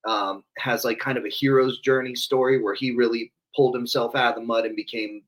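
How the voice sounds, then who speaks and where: A man's voice: medium pitch, fairly even intonation, fairly quick, fairly bright tone, low-quality recording. A man answering an interview question earnestly and reflectively, restarting his sentences as he searches for words.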